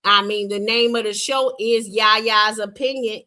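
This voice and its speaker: A woman hosts a livestream debate at an unhurried, drawn-out pace. She is sassy and dismissive, and she mocks whoever argues back. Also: mid-range voice, steady tone, sharp tone. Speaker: livestream show host.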